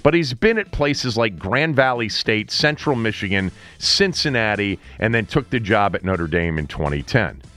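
A male sports radio host with a lowish voice that swings up and down as he riffs casually. He chats in a loose, talky way, laughing at his own asides, with faint music underneath. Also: normal speed, few pauses. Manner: chatty, animated, laughing asides.

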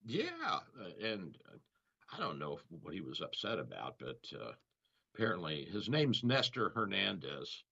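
A man with a low, bright voice hosts a radio health show, rambling through anecdotes with a chuckle. His pitch swings widely as he talks. The audio is dull and lo-fi. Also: big pitch swings, moderate pace, vocal fry, slightly rough. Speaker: radio show host, doctor. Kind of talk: casual radio banter.

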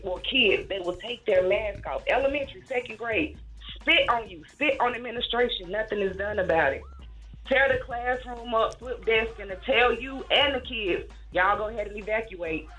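A woman's voice: fairly high pitch, lively intonation, normal speed, a bit bright, poor audio. A woman calling in to a radio show, telling her story in a blunt, exasperated way. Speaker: radio caller, school worker. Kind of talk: phone-in call.

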